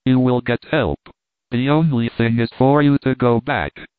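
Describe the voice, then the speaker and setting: A man's voice: mid-range voice, fairly even intonation, unhurried, clean tone, no echo, close to an everyday voice. A man reading the part of an unseen man who gives tense, fierce commands, on a tinny, dry line. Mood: grim threats. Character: invisible man, grim, threatening.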